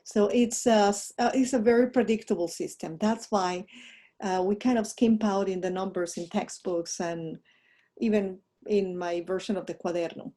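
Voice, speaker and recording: In a recorded online lesson, a language teacher speaks at normal speed with a medium-pitched, dark voice and fairly even intonation. She talks through her slides, fumbling with the mouse and slipping in chatty asides.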